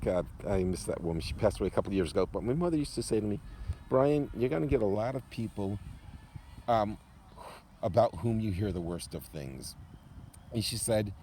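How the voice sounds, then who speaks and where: A man's voice: on the low side, a little fast, slight background noise. A man telling a long funny story about a past gig, laughing often as he goes. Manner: animated, laughs often while telling jokes. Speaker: guest storyteller. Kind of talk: casual anecdote telling.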